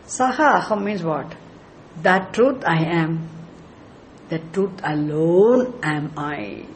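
A male spiritual teacher gives a scripture lecture in an unhurried, deliberate way. He is emphatic, repeats key words for effect and often chuckles. A faint hum of room ambience sits behind him. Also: sits high, animated.

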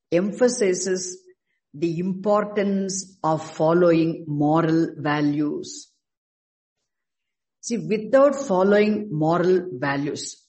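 A man teaching a scripture class, speaking haltingly and stressing key words slowly. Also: sits high, darkish tone, low-quality recording. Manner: halting, restarts words, slow emphatic stresses. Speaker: Vedanta teacher.

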